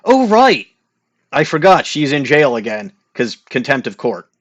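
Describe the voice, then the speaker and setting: A man's voice: medium pitch, sing-song, unhurried, fairly bright tone, lo-fi sound. Sarcastic rambling man narrating a game. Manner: rambling, sarcastic, with many fillers and restarts. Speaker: let's play host. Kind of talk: casual gameplay commentary.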